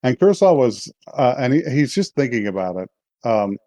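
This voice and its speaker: A man's voice: medium pitch, very animated, normal speed, mellow, no room sound, clean studio sound. A man co-hosting a podcast, casually retelling an episode and acting out the characters' lines, laughing often. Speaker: podcast co-host. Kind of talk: casual chat recapping an episode.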